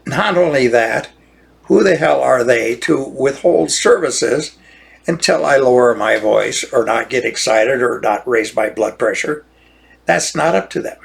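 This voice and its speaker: Indignant and repetitive, this retired American lawyer in his later years rants in a monologue, frequently starting phrases over. He has a mid-range voice marked by vocal fry.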